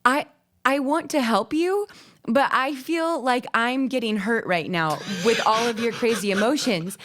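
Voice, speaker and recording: A patient, wounded husband pleads for calm, as his wife quotes him. His voice stays gentle and reasonable while he explains that he wants to help. She keeps close to her own voice, only a touch higher. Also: a little slow, heavily acted. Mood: hurt, pleading. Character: patient, hurt husband, adult man.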